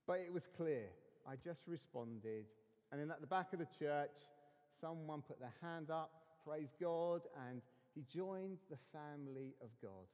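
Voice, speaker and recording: A man delivers a sermon from the pulpit, his voice a touch higher than most men's. He tells his story earnestly and drops to near-whispers for emphasis. A long reverb trails each phrase through the church. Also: expressive, a little slow. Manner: earnest storytelling, dropping to hushed tones for emphasis. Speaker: pastor.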